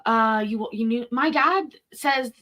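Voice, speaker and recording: A woman's voice: fairly high pitch, takes it slowly, bright, forceful tone. A woman born in Scotland, hosting a casual stream and rambling through answers to viewer comments with lots of fillers. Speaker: streamer host.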